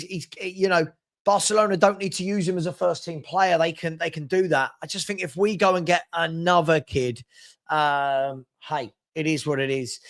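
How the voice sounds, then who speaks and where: Chatty host, higher voice. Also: male voice, creaky. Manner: chatty and teasing, gives shout-outs, laughs at comments. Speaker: host of a live football transfer show. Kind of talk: live-stream chat, reading viewer comments.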